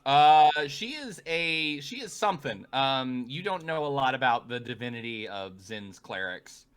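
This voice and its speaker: A man's voice: mid-range voice, animated, a little slow, noisy background. A man narrating as game master in a tabletop game, rambling with frequent fillers.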